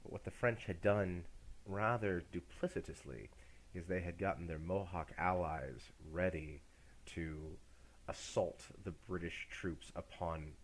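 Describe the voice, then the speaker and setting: A man's voice: low-pitched, measured pace. A middle-aged man giving a university lecture in a casual, jokey way, acting out examples as he goes.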